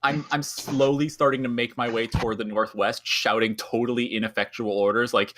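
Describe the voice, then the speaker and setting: A man playing in a tabletop game, talking in an animated, rambling way with lots of restarts. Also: medium pitch, brisk, few pauses, a crowd in the background. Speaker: player. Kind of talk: casual tabletop role-play.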